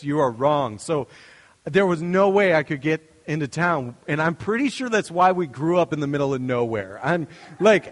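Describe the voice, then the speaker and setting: Casual young male preacher, storytelling tone, higher-pitched, big reverberant hall. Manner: storytelling, conversational, with restarts and asides. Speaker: pastor. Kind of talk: sermon.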